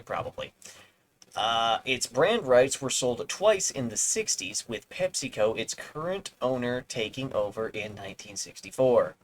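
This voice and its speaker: A man's voice: medium pitch, a bit bright, a little hiss or hum, low-quality recording. A male streamer reading an article aloud with rambling, sarcastic asides. He swears now and then and trips over words as he reads. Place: home streaming setup.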